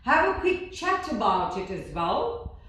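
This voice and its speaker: A woman English teacher leading a classroom lesson, speaking slowly and acting out words with her voice. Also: on the high side. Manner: slow, expressive, acts out words with her voice. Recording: echoey room, voice from far off.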